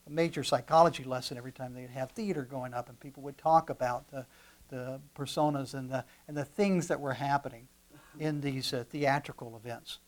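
A male pastor preaching a sermon, animated, moving from quiet asides to loud emphatic lines and repeating words as he restarts. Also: mid-range voice, brisk.

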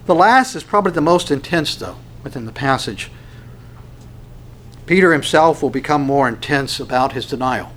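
A man preaching a sermon, swinging from loud, emphatic stresses down to hushed, quiet lines. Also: mid-range voice, lively intonation, moderate pace, slight background noise.

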